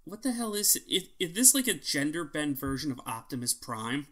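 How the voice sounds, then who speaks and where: A man's voice: fairly high pitch, big pitch swings, moderate pace, fairly bright tone. A man co-hosting a podcast in casual chat, opinionated and ranting, swearing freely. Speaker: podcast co-host.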